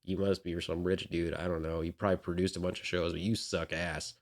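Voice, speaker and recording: Low-voiced man ranting bluntly. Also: flat delivery, a little fast, crowd noise. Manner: blunt, ranting, swears freely. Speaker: podcast co-host. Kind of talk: casual opinionated chat.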